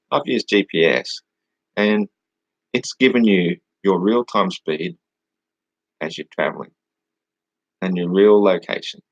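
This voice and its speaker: A man's voice: sits low, no room sound, muffled recording. A man hosting a casual livestream, answering chat questions in a mocking, dismissive way and swearing now and then.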